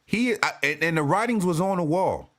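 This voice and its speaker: A man ranting as a sports fan commentator, profane and animated, often restarting and repeating himself. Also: sits high, normal speed. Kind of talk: ranting vlog.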